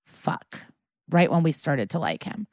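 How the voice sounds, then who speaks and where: A woman's voice: low voice, measured pace, no room sound, clean studio sound. A woman co-hosting a podcast, casually recapping a TV episode and acting out the characters' lines. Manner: animated, acts out quotes with swearing and laughs. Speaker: podcast co-host.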